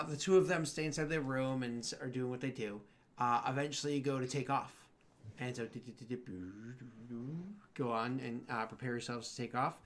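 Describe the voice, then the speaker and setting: A man with a hoarse, cracking voice narrating a tabletop role-playing game as game master, rambling with many fillers. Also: medium pitch.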